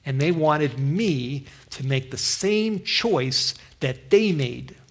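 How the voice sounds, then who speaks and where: Slow earnest male preacher telling his story. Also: fairly high pitch. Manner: earnest storytelling with many restarts. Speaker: pastor. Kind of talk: sermon testimony.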